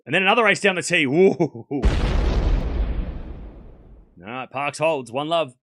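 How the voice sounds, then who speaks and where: A man's voice: fairly high pitch, animated, unhurried, noisy background. A man hosting a live tennis watchalong stream, calling points in chatty play-by-play, thanking donors and laughing often. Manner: chatty play-by-play, reads out donations.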